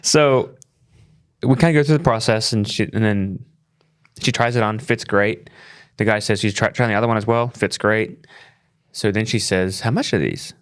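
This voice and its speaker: A man's voice: lowish voice, normal speed, clean tone. A middle-aged man co-hosting a parenting podcast, telling a family story in casual chat and acting out the quoted lines. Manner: animated storyteller, acts out quoted voices. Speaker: podcast co-host.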